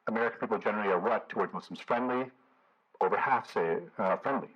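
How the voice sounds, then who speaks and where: A man's voice: fairly low pitch, quick pace, husky, dull audio. A man lecturing to a community audience as a professor, in a conversational way, with frequent "you know" and hesitant fillers.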